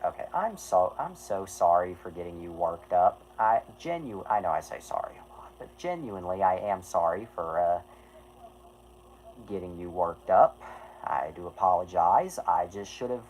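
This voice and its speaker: A man's voice: deep voice, animated, normal speed, a little mellow, highs cut off, slight background noise. A man chatting casually on a livestream, rambling and apologetic, who swears and keeps restarting his sentences. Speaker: streamer.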